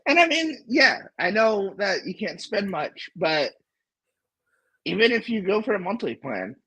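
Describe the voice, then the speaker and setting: A man's voice: high-pitched, sing-song, a little slow, bright, forceful tone, husky, low-quality recording. A man hosting a casual tech livestream who talks animatedly, laughs often and trails off into restarts. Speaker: livestream host.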